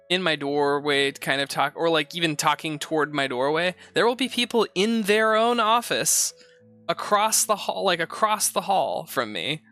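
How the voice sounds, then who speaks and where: Guy host ranting casually about reddit posts, bright slightly high voice, swears a lot, soft music behind. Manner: rambling, profane, sarcastic asides. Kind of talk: casual commentary reading posts.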